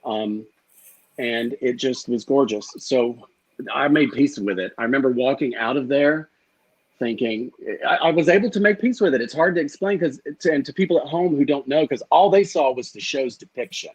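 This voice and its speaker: A man's voice: mid-range voice, moderate pace, slightly rough, rough recording. A middle-aged man guest candidly recounting an emotional story in an interview, swearing freely and acting out the exchanges. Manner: candid, profane, acts out quoted exchanges.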